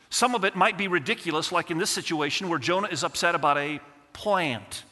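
A man preaches to his congregation with a bright, forceful tone and a fairly high voice. He reads scripture slowly and then talks it through casually, throwing questions at the room. The sound carries a long church-hall reverb. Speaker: pastor. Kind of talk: sermon. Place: church sanctuary.

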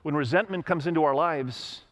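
A middle-aged male pastor preaching a sermon in a fairly high voice. He tells stories and plays the people in them, and his voice climbs whenever he drives a point home. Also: moderate pace. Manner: storytelling with acted quotes, emphatic rises.

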